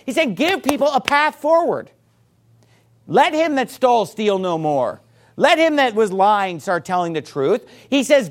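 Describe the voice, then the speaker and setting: A pastor preaching a sermon to a congregation, forceful and emphatic, with rhetorical questions. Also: male voice, high voice, lively intonation, a little slow.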